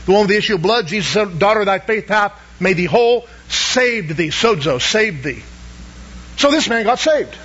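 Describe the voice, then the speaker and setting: A man's voice: sits high, expressive, normal speed, fairly bright tone, slightly rough, highs cut off. A man preaching a sermon, asking the congregation questions and pressing each point with emphasis. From Southern United States. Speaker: pastor.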